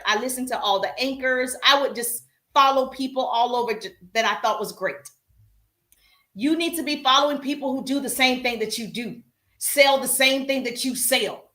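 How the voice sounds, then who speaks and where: Southern female sales coach, animated and direct, echoey room. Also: high-pitched. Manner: animated, chatty, addresses audience directly. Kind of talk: live-stream coaching talk.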